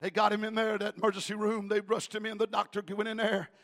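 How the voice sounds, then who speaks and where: A male evangelist preaching in a church, telling a story emphatically and rising to shouts. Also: sits high, little pitch movement, fast talker, vocal fry, soft background music. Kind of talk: storytelling sermon.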